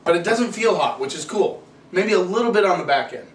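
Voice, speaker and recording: A man's voice: high-pitched, expressive, brisk. A man casually reviewing wines, chatty and opinionated, ranting with rhetorical questions. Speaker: wine reviewer. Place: home room with cameraman. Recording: echoey room, distant camera mic, faint hiss.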